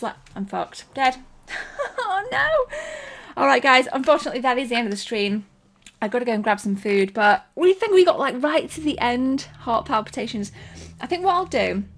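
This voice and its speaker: A young woman with a fairly high voice streams her gameplay live. She reacts in a jumpy, excitable way, swearing freely and gasping between quick remarks to her chat. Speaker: streamer playing a retro shooter.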